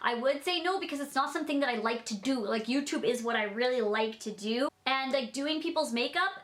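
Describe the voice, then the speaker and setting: Chatty woman in her twenties, fairly high and very bright voice, bubbly vlogger answering fan questions. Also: a little fast. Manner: bubbly, chatty, many "like" fillers. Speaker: beauty YouTuber. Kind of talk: casual Q&A vlog.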